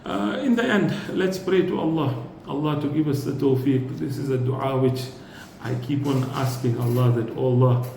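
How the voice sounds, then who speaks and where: A man's voice: mid-range voice, moderate pace, creaky, warm tone. A man giving a religious lecture, explaining step by step and often checking in with his listeners. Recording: roomy echo with faint noise.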